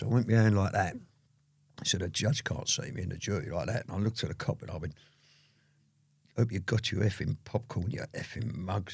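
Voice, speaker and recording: A lowish, gravelly male voice, recorded close and dry. He rambles through his story, leaning on "you know" again and again in casual interview talk. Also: no room sound. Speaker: interview guest.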